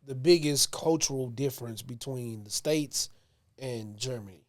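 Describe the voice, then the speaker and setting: A man hosting a podcast, asking short questions and reacting quickly in casual chat. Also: mid-range voice. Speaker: podcast host.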